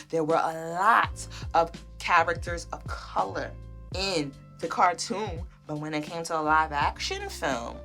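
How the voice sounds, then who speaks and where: A woman hosting a solo podcast, ranting emphatically and with profanity, swinging between loud outbursts and low asides. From half Belizean family. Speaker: podcast host. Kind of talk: heated solo podcast rant.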